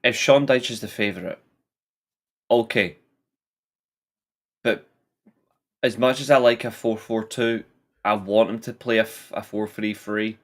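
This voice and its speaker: A man's voice: fairly low pitch, steady tone, a little slow, long pauses. A man co-hosting a casual football podcast, giving blunt, heated opinions. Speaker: podcast co-host.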